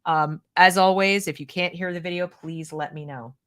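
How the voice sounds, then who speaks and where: A woman's voice: fairly low pitch, steady tone, moderate pace, fairly bright tone. An American woman giving opinionated commentary, sarcastic and mocking the clips she reacts to. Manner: sarcastic, mocks quoted clips.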